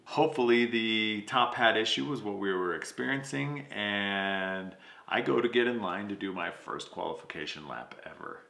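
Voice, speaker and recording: A man hosting his podcast, telling a story in a casual, animated way, swearing freely and acting out what people said. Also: on the low side, normal speed, vocal fry, reverberant. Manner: animated, swears, acts out quotes. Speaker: podcast host.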